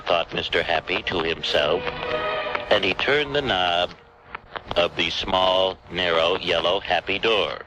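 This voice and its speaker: Slow, low-voiced man reading a storybook. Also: poor audio. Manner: slow, deliberate, drawn-out repetition. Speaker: radio host. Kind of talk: mock-solemn storybook reading. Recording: radio broadcast over a music bed.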